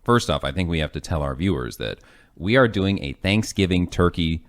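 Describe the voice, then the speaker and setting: Very deep-voiced animated male podcast host. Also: moderate pace. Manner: animated, rambling with fillers and restarts. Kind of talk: casual generational debate chat.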